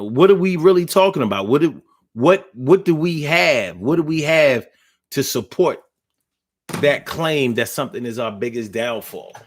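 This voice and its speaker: A man hosting a casual livestream talk, ranting bluntly and profanely in slangy street talk while reading viewer comments. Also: mid-range voice. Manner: blunt, profane, preachy rant.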